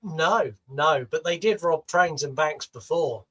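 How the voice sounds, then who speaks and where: Brief: male podcast co-host, bright and fairly high voice, teasing and foul-mouthed. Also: slightly rough, low-quality recording. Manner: teasing, crude, quick-witted. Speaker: podcast co-host and quiz setter. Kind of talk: casual chat. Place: podcast studio.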